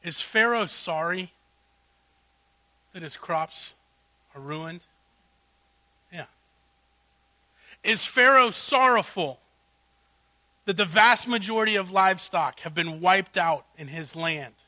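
A male pastor preaching with a high, brilliant voice that cuts through clearly. He takes his time, moving at an unhurried pace between loud bursts of feeling and quiet, pointed remarks. The sound is dry and close, with no room around it. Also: no room sound. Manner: animated preaching, loud bursts and hushed asides. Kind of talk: sermon.

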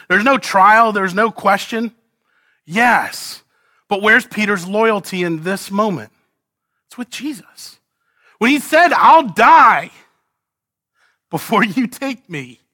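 A man preaching an expository sermon, asking rhetorical questions and swinging between loud emphasis and hushed lines. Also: high voice, no echo, studio quality. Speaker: pastor.

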